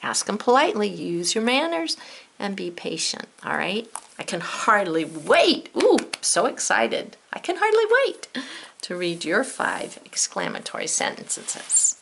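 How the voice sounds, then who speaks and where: Teacher lady talking to kids, kinda gravelly, bright tone, really upbeat. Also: on the low side, unhurried, a little hiss or hum. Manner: animated, encouraging, speaks directly to kids. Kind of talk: children's lesson to camera.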